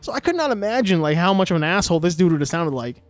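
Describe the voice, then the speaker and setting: A man from Western Canada talking fast in casual podcast chat, his voice pitched high. The sound is dry and close, with faint music underneath. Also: sing-song, no room sound. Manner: quick, laughing, profane banter. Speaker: podcast co-host.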